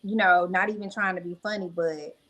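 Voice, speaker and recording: A woman's voice: lowish voice, fairly even intonation, fairly quick, a bit bright, rough recording. A young adult woman speaking candidly as a podcast guest, telling reflective personal stories with many fillers. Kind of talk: podcast interview.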